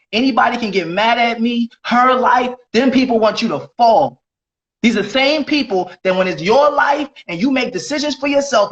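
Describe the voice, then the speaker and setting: A man with a high-pitched voice lectures in a preachy way, repeating his points over and over. He records in a bathroom, so the room echoes, and the sound is dull and lo-fi. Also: fairly bright tone. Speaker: live streamer. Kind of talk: heated live-stream argument.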